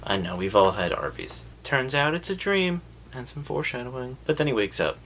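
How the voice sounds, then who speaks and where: Animated, bright-voiced sarcastic man. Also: medium pitch, fairly quick, soft background music. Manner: sarcastic, profane, puts on voices for quotes. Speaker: film recap host. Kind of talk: comedic movie recap.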